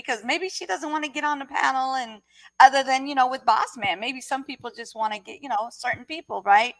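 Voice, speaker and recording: A woman's voice: high-pitched, brisk, bright, forceful tone, dry recording, low-quality recording. A woman hosting a live chat show, eagerly greeting viewers by name. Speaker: host.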